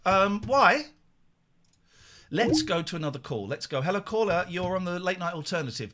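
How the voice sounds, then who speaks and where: A man's voice: high voice, animated, moderate pace, bright, forceful tone. A man hosting a late-night live phone-in show, chatting and joking with callers in a teasing way. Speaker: radio phone-in host. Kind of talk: casual live phone-in chat.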